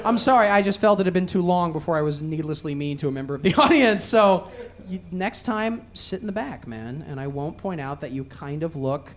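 A man's voice: a little high, animated, a little fast, noisy background. Mocking man roasting the crowd. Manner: mocking, teasing the audience, laughs often. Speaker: stand-up comedian. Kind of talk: stand-up crowd work.

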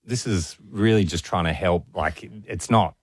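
A deep-voiced Australian man co-hosting a radio show. He chats playfully, tossing in jokes, and the studio sound is dry and close. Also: measured pace, slightly rough, no echo. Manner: playful, throws in jokes and asides. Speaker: radio co-host. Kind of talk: casual radio banter. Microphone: studio microphone.

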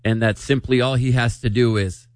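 A man's voice: medium pitch, steady tone, normal speed. Easygoing American man hosting a chat. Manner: easygoing, leads a quiz game. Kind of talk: casual group chat.

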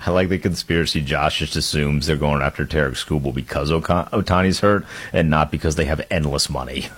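A man co-hosting a sports talk radio show, relaxed and wry. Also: very deep voice, brisk, husky. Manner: relaxed, wry, laughs easily.

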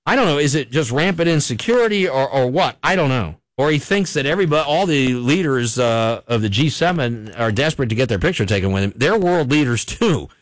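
Here a local radio host riffs on the news from his studio, rambling, wry, and amused by his own jokes. Captured on a studio microphone with no room sound, his medium-pitched voice is animated and fairly quick, with few pauses.

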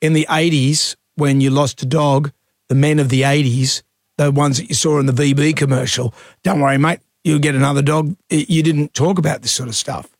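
An Australian man co-hosting a radio show, chatting in a gently consoling way. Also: a little high, fairly even intonation, normal speed, no echo, clean studio sound. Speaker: radio co-host. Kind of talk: casual radio chat. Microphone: studio mic.

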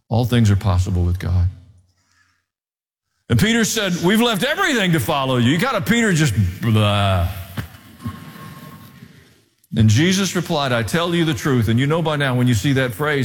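A man preaching a sermon, telling the story with animated delivery, sudden pitch swings and dramatic pauses. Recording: long hall reverb.

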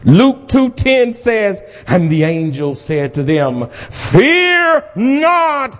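A man preaching a sermon, reading scripture slowly and breaking into fervent shouted exhortations that ask the listeners to respond. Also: fairly high pitch, big pitch swings, in a large hall.

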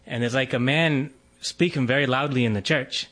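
Brief: man, 40s, Catholic priest, easygoing anecdote, mid-pitched. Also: moderate pace. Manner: relaxed storytelling, laughs often, frequent fillers. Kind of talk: conversational testimony.

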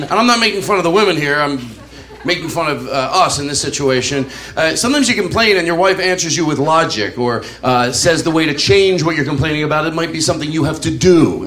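On a comedy club stage, a middle-aged man whose voice is on the high side and a bit bright rambles through a stand-up routine, laughing at his own anecdotes and leaning on lots of fillers. The live club recording carries room noise.

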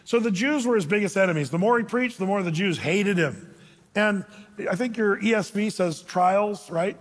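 A man delivers a lively sermon in a high, slightly husky voice, his words carrying a long reverb through a large church hall. He preaches as a pastor and now and then slips into quoted voices. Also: moderate pace. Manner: animated, acts out quoted voices.

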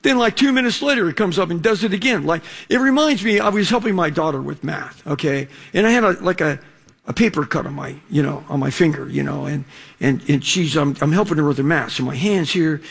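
A middle-aged man preaching a sermon in a conversational way, with lots of fillers, slowing down to read scripture. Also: a little high, creaky, husky. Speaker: pastor.

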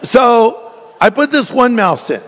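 A man preaching a sermon in church, telling stories in a jokey, animated way. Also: extremely high pitch, measured pace, in a large hall. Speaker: pastor.

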